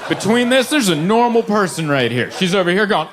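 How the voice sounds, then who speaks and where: A young man performs stand-up at a comedy club, his voice sitting somewhat high and swooping all over as he tells stories and mimics people in squealing tones. The live recording has clear background noise and audience laughter. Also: brisk, few pauses. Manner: animated storytelling, acts out high squealy quotes.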